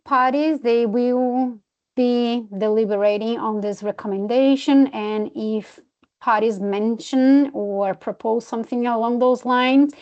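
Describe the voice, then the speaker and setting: A woman presenter answering a question in a webinar, measured and explanatory. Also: on the high side, fairly even intonation, a little mellow, dull audio. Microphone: video call.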